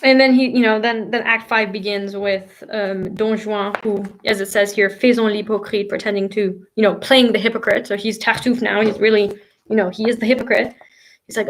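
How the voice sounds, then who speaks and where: A woman's voice: mid-range voice, steady tone, normal speed, poor audio. A woman hosting a casual livestream about a classic play, talking enthusiastically with plenty of fillers and restarts. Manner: enthusiastic, gushing, with frequent fillers. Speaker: literature channel host. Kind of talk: casual livestream book discussion. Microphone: home livestream mic.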